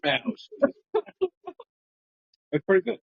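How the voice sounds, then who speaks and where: A man co-hosting a casual book chat podcast, joking and rambling with big swings in pitch. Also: a little slow, no echo. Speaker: podcast co-host. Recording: dull lo-fi home podcast audio.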